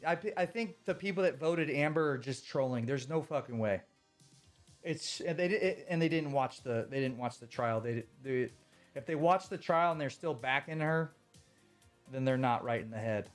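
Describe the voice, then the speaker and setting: A man ranting on a live stream in a casual, emphatic way, swearing often and repeating his points. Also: medium pitch.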